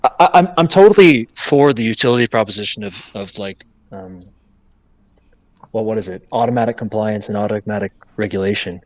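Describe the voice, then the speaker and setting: Man co-host, animated and emphatic, casual podcast talk, dry close mic. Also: on the low side, a little fast, no echo. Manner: animated, emphatic, stammering restarts. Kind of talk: casual crypto discussion.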